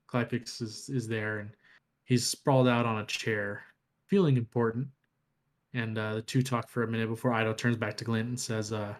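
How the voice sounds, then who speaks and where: A man co-hosting a podcast, casually retelling game lore and reading passages aloud, with some fillers. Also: medium pitch. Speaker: podcast co-host.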